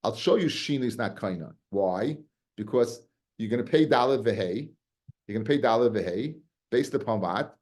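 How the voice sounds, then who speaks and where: A man teaching a casual Talmud class, animated and often repeating words as he explains. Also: medium pitch, normal speed.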